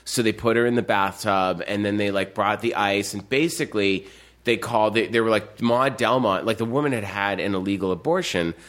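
Man, fairly low voice, rambling storyteller, lots of "like", casual podcast guest. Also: a little fast. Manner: rambling, animated anecdotes with many fillers. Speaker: guest filmmaker.

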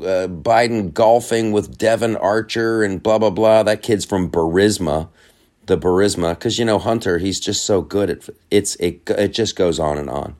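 A man's voice: fairly low pitch, darkish tone. A man hosting a podcast, giving casual political commentary in a sarcastic tone, repeating phrases and laughing at his own points. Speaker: podcast host.

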